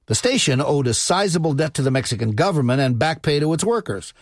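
A man delivering scripted documentary narration in a measured, even way. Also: on the high side, no room sound, studio quality.

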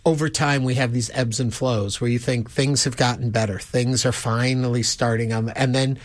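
A man's voice: medium pitch, fairly even intonation, moderate pace, dry recording. An earnest male talk-show host with a mid-range voice, thinking aloud in long, winding points. He speaks steadily and reflectively, pressing a serious argument. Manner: earnest, musing, builds long run-on points.

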